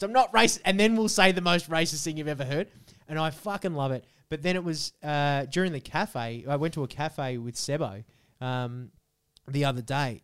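A young Australian man co-hosting a comedy podcast, rambling through a story with plenty of swearing. His voice sits a little high and comes through smooth and clear. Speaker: podcast co-host. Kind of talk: casual comedic chat.

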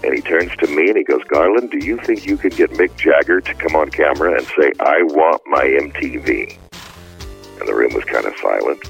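An older man, a former music executive, telling an anecdote in a relaxed way with a husky voice. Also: a bass voice, normal speed. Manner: relaxed storyteller with fillers. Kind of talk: recalled anecdote. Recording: slightly muffled interview recording.

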